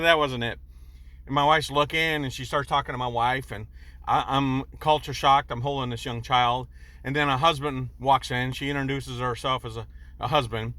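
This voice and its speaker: Man, 60s, vlogger, bright voice, rambling and earnest, preachy storytelling. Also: medium pitch, no room sound. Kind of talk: personal storytelling monologue.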